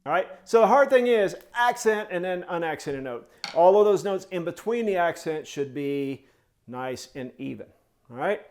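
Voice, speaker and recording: A male snare drum teacher with a voice pitched a little above the usual for a man. He walks students through the music beat by beat, scatting the rhythms and counting them in with an encouraging, coaching manner. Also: animated, moderate pace, a little mellow. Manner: sings drum rhythms in syllables and counts off tempos. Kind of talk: step-by-step music tutorial.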